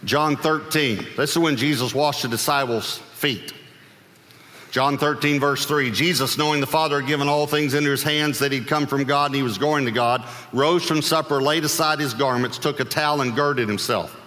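A man preaching a sermon with humor, acting out scripture voices and breaking into sudden shouts. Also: mid-range voice, steady tone, moderate pace, big-room sound. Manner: humorous, acts out Bible voices, bursts into shouts.

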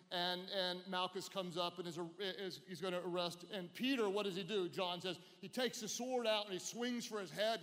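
An animated male preacher delivers a sermon and draws his listeners into call-and-response. His voice sits high, and a long reverb hangs after his words in a large church hall.

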